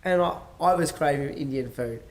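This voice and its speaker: A man's voice: on the high side, moderate pace. Rambling man telling a story. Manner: rambling, with many fillers and restarts; tells stories by acting out dialogue. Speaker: podcast host. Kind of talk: casual monologue.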